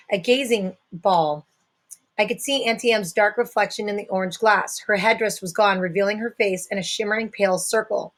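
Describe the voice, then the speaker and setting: A woman's voice: mid-range voice, a bit bright. A woman reading a novel aloud, telling the story in the first person. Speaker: audiobook reader.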